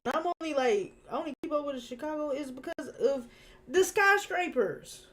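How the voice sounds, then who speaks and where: A young woman chatting on a live stream as she draws. She rants in a casual, slangy, animated way and laughs easily. Her voice sits a little high. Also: normal speed, a little hiss or hum. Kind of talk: casual rant while drawing.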